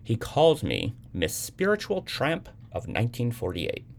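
A man voicing a cool, unbothered young woman on the phone, calm and faintly weary. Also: mid-range voice, measured pace, creaky, voice pushed up, heavily acted.

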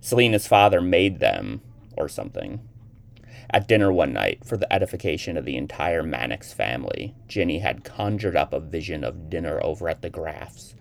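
Deep-voiced male reader with fry and animated pitch for a short story narration. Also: moderate pace. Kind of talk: reading a short story aloud.

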